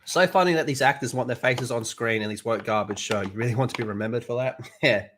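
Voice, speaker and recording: A man's voice: medium pitch, fast talker, fairly bright tone, slight background noise. A young man with an Australian accent, chatting crudely and swearing a lot on a live stream, laughing often. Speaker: streamer reviewing a TV show. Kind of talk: casual live-stream chat.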